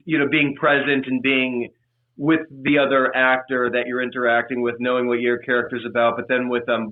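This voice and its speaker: A man's voice: mid-range voice, a little hiss or hum. A man chatting as a podcast guest, rambling with lots of restarts and fillers. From Los Angeles. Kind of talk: casual chat. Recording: tinny phone-like line.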